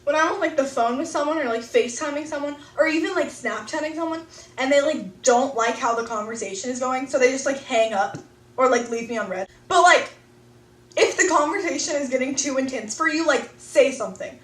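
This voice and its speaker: A woman's voice: high voice, fairly quick, recorded from a distance. A teenage girl in casual chat, saying "like" often as she airs gripes. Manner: chatty, says "like" constantly. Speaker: co-host. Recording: echoey room from off-mic.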